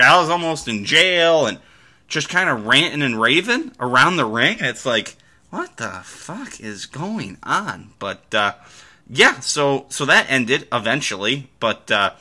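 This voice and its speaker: A man's voice: medium pitch, bright, forceful tone. A man hosting a podcast, talking through fights in casual sports commentary, rambling with restarts and the odd swear. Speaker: podcast host.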